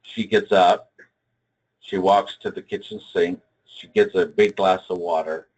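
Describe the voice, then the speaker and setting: An older man speaking at a trading seminar, telling a personal story in a dramatic, emphatic way, with big swings in pitch and loudness. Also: fairly even intonation, measured pace, breathy edge, poor audio.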